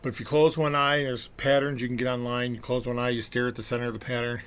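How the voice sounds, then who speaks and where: A man's voice: mid-range voice, little pitch movement, fast, fairly bright tone, clean tone. A middle-aged man telling a family story in a casual, rambling monologue, acting out what people said. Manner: chatty storyteller, acts out quotes. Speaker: vlogger.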